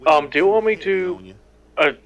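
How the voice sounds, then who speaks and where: A man's voice: sits high, animated, moderate pace, a bit bright. A man chatting casually with a friend over voice chat during a game, a bit hesitant.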